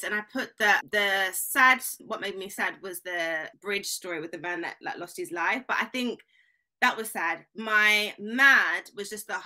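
A woman guest chatting in a lively, casual way, with lots of "like". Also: medium pitch. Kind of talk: casual chat.

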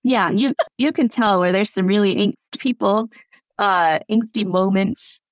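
A woman's voice: medium pitch, measured pace, dry recording. A woman wedding officiant, a podcast guest, telling stories in casual chat and laughing often. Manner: warm storyteller, laughs often.

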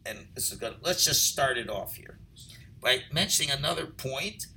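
A man teaching a Torah text class, reading Hebrew phrases and translating them, at times rising to loud emphasis. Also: mid-range voice, animated, moderate pace, creaky, a little hiss or hum, poor audio.

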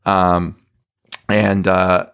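A man's voice: low-pitched, little pitch movement, extremely slow, gravelly, a bit bright, clear, resonant tone. A man co-hosting a podcast, recapping a horror movie in casual chat, swearing and laughing as he acts out lines. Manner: profane, laughing, acts out quotes. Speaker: podcast co-host.

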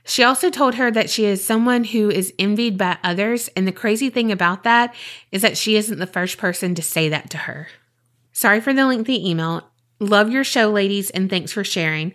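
A woman with a Southern US accent hosts a podcast, reading a listener's email aloud before slipping into loose, rambling chat. Her talk is full of fillers and casual swearing, and her voice sits at an ordinary middle pitch. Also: normal speed, fairly bright tone. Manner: chatty, lots of fillers and swearing. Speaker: podcast co-host.

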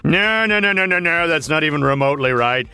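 A man's voice: a little high, lively intonation, a little fast, bright, forceful tone, faint music behind. A man doing a grumpy, impatient cartoon know-it-all. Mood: lecturing. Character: grumpy impatient adult male math guest. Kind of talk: cartoon voice acting.

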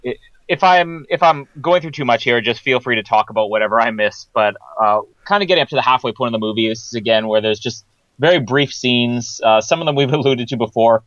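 A man's voice: medium pitch, fairly quick, fairly bright tone, no room sound, lo-fi sound. A man co-hosting a casual film podcast who mocks silly plot logic with exasperated humour. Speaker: podcast co-host. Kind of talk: casual film-review chat.

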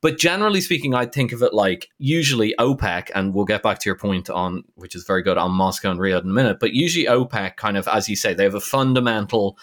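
Lively male podcast co-host, fairly low voice. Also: quick pace, hardly any pauses. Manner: animated, incredulous, frequent restarts and laughs. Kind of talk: casual current-affairs discussion.

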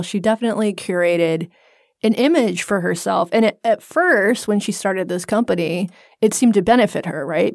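Female podcast co-host, gravelly voice, wry playful banter, dry close sound. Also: lowish voice, a little mellow, no room sound.

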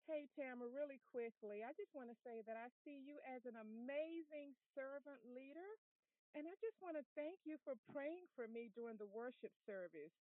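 A woman calls in and gushes her thanks, repeating herself. Her voice is fairly high and comes through a tinny, phone-like line. The sound is dry. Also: animated, normal speed, no echo. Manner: gushing, repetitive. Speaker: caller. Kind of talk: heartfelt thanks.

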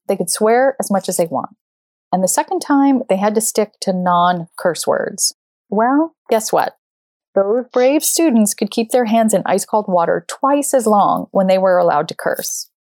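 Lively storytelling woman, dry close sound. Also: mid-range voice, dry recording. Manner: lively storytelling, acts out quoted voices. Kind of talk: conversational monologue.

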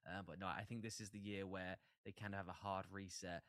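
A man's voice: sits low, flat delivery, fairly quick, fairly bright tone, no echo. A man co-hosting a football podcast, giving confident opinions with a dry wit. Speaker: podcast co-host, football analyst. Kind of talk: casual football podcast analysis.

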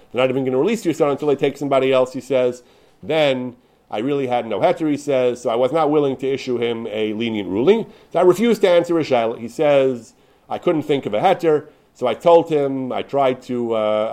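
Animated man retelling a rabbinic ruling. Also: medium pitch. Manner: animated storytelling, many restarts, mixes Yiddish and Hebrew terms. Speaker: rabbi teaching a class. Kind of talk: Torah lecture retelling a responsum.

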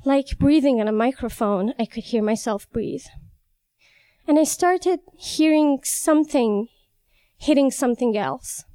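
A young woman from Iran telling a vivid first-person story, animated and laughing as she goes. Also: high-pitched, a little slow, smooth, no room sound.

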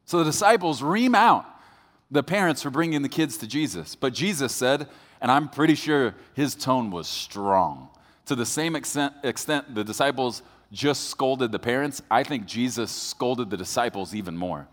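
A man's voice: mid-range voice, moderate pace. A man preaching a sermon as pastor, telling a story with jokes and building to serious points. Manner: storytelling, animated and joking. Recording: long hall reverb.

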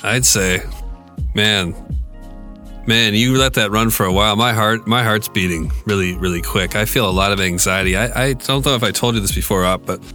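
Brief: low, bright-edged man, uneasy rambling host, soft music behind. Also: moderate pace. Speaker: podcast host. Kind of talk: casual reaction chat.

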